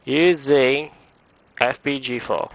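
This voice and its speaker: A man's voice: medium pitch, steady tone, takes it slowly, vocal fry, dry recording. A young man chatting casually while streaming a video game, rambling with lots of fillers. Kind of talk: casual gaming stream commentary. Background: game music.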